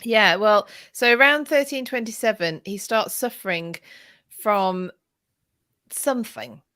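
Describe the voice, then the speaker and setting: A woman's voice: mid-range voice, a little slow, pushed and bright, dry recording, clean studio sound. A woman co-hosting a history livestream, thinking aloud in an easygoing way over a video call. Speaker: history podcast co-host. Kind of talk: casual livestream chat.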